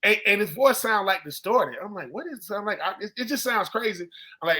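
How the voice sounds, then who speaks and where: A man with a high, bright voice spins a casual story on a sports podcast. He slips into the voices of the people he quotes. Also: fairly quick. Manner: animated storyteller who acts out quoted people. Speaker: co-host, former football player.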